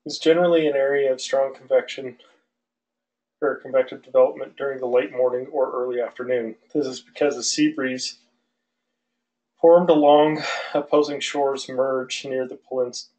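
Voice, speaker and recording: A male aviation instructor lecturing an online class in a relaxed, loose way, with many fillers and restarts. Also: medium pitch, normal speed, low-quality recording. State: out of breath.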